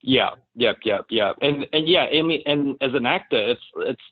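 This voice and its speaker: A man's voice: medium pitch, normal speed, slightly rough, no room sound. New Zealand man on a dry call line. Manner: animated, laughs often, many fillers. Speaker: actor guest. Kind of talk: casual podcast interview. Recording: dry, phone-like remote call audio.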